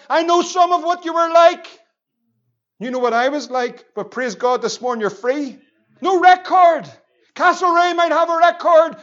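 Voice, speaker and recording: High-voiced pastor preaching. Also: male voice, dull audio. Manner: impassioned, rising to shouts on key lines. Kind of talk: sermon.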